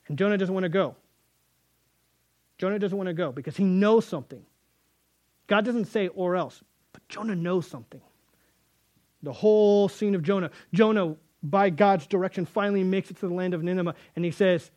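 Male preacher with a high voice; lively, conversational sermon delivery that acts out the scripture dialogue. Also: fairly quick, long pauses. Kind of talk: sermon reading and explaining scripture.

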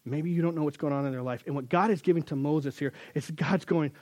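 A man's voice: fairly high pitch, fast, darkish tone, no room sound. A male pastor preaching a sermon in a conversational, emphatic way, often speaking to his listeners as guys.

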